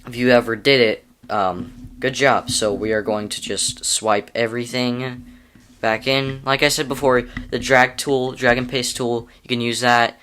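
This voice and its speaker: A man's voice: mid-range voice, fairly even intonation, unhurried, a bit bright, slight background noise. A young man casually walking through a video editing tutorial, rambling and correcting himself with amused asides. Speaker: YouTube tutorial creator.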